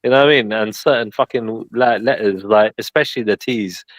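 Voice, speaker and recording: Low-voiced guy, blunt, swears a lot, dry close sound. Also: brisk, dry recording. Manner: blunt, profane, laughing banter. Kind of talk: casual group chat.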